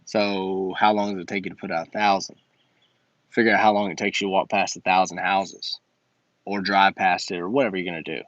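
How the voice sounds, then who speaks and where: A man's voice: deep voice, level tone, fairly quick, a bit bright, no room sound, dull audio. A man hosting a casual livestream Q&A and coaching business owners in slangy, emphatic talk that repeats his points.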